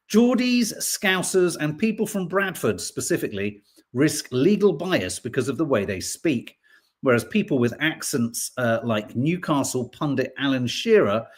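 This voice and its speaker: A man from Birmingham hosting a podcast, casually reading out headlines and viewer comments with jokey, playful asides. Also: a little high. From Birmingham, England. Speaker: podcast host.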